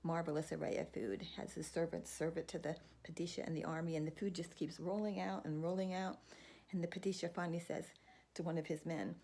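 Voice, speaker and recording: A woman telling a folktale aloud in a lively, animated storytelling manner, with a gravelly, husky voice. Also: fairly low pitch, a little fast.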